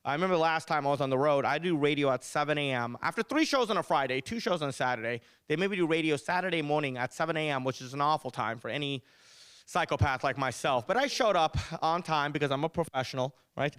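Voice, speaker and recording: A young man doing a stand-up comedy set, telling animated stories with punchy delivery. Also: a little high, quick pace, smooth, dry recording. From United States.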